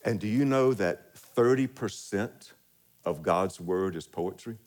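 A male pastor preaching a sermon, laughing often and reading scripture slowly and deliberately. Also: low voice, darkish tone.

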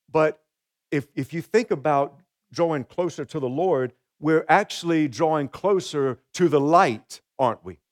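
Man preaching a sermon. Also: fairly high pitch. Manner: preacherly, asks the congregation questions, repeats key phrases. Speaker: pastor.

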